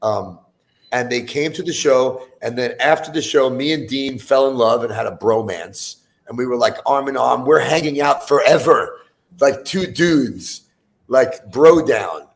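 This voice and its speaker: A man in his fifties talks as a guest on a casual chat show. His voice is gravelly and sits at an ordinary middle pitch. He rambles through his story with lots of fillers and swearing. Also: measured pace. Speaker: guest musician.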